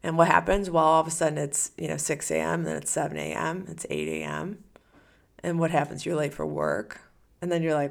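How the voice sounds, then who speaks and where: A woman's voice: low voice, fairly quick, creaky. A woman hosting a solo podcast as a coach, talking casually and animatedly, acting out the listener's inner voice.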